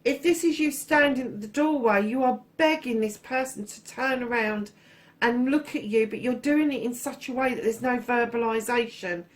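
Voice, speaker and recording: Woman doing a tarot reading, kinda high voice, blunt, swears a lot, calls you darling. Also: moderate pace. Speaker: tarot reader. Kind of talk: casual tarot reading monologue.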